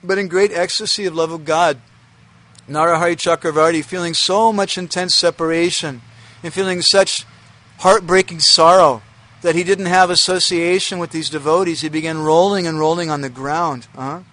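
A man's voice: on the high side, steady tone, moderate pace, bright, forceful tone. A man telling a devotional story. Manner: storytelling with frequent "uh" and self-affirming "uh-huh". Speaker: religious speaker. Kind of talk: devotional lecture.

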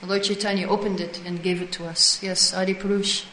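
A woman's voice: mid-range voice, little pitch movement, brisk, bright, forceful tone, slight background noise. Woman telling devotional stories, echoey room. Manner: retells stories with quoted dialogue, answers listeners. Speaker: teacher in a devotional class. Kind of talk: devotional class storytelling.

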